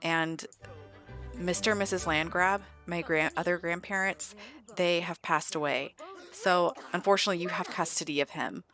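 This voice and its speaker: A woman's voice: on the low side, fairly even intonation, moderate pace, sharp tone, faint music behind. A woman voicing a grieving young woman who speaks earnestly and firmly in a life-sim game. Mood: urgent. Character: young woman, grieving, firm protective daughter. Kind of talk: game character voice-over.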